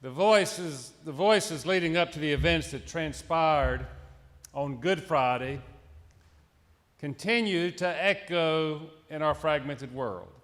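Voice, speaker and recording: A man preaching a sermon as pastor, reciting scripture voices in a slow, measured way. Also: a little high, a bit bright. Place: church sanctuary. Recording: echoey church hall.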